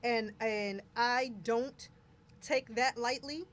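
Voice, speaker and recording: A woman's voice: a little high, steady tone, slow pace. A woman hosting a live talk show, speaking emphatically and repeating words for stress. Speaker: show host. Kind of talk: casual live show chat.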